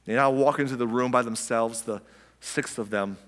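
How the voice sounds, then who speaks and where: Here a male pastor delivers a sermon conversationally, questioning the congregation and performing quotations. He speaks at a moderate pace in a medium pitch with a slightly bright tone, and the sound carries a long reverb tail.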